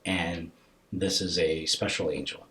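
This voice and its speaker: Low-voiced man telling a story. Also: a little slow. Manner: animated, acts out both sides of the dialogue; drops to a soft, hushed voice in tender moments. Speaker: podcast guest. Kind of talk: personal storytelling in a casual interview.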